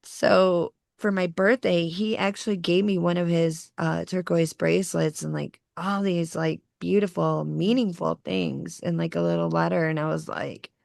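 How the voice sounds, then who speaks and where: A woman's voice: fairly low pitch, fairly even intonation, normal speed, vocal fry, hardly any pauses, darkish tone, no room sound, studio quality. A young woman co-hosting a podcast, telling a personal story in a casual, slangy way and swearing freely. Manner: casual, swears freely, calls people dude. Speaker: podcast co-host.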